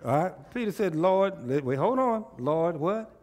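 A male pastor preaching a sermon, animated and repetitive, drawing responses from the congregation. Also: high-pitched, normal speed.

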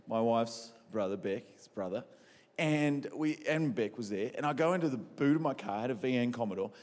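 An Australian man preaching and telling funny stories, asking the crowd questions and poking fun at himself. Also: mid-range voice. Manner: animated, quizzes the crowd, self-mocking. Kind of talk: humorous sermon storytelling. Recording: echoey hall.

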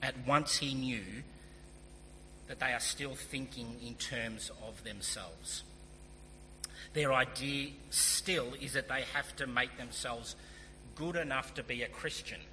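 Bright-voiced male preacher in a reverberant hall. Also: mid-range voice, slow pace. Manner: earnest, emphatic preaching with casual asides. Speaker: pastor. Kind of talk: sermon. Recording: long hall reverb, faint hum.

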